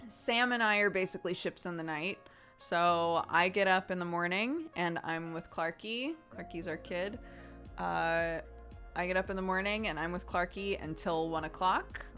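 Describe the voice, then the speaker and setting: A woman in her thirties, a streamer casually answering chat questions in a relaxed, chatty way and laughing often. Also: on the low side.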